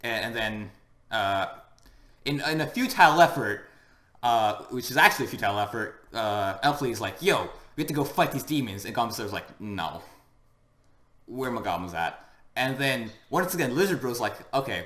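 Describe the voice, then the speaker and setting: A man's voice: mid-range voice, animated, brisk, fairly bright tone. Laid-back man in an echoey room. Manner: rambling, laid-back, lots of fillers. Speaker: podcast co-host. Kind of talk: casual chat recapping an anime episode. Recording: roomy echo.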